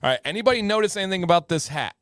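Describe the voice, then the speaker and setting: A man's voice: high-pitched, animated, rapid-fire, a bit bright, dry recording, clean studio sound. A man hosting a casual livestream, chatty and joking, greeting viewers by name, with a slightly sore throat. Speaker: livestream host.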